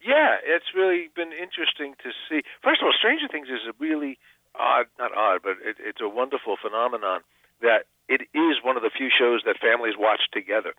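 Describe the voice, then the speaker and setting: A man's voice: mid-range voice, expressive, fairly quick, dry recording. An older man, an actor and comedian, chatting in a phone interview, self-deprecating and full of restarts. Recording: tinny phone line.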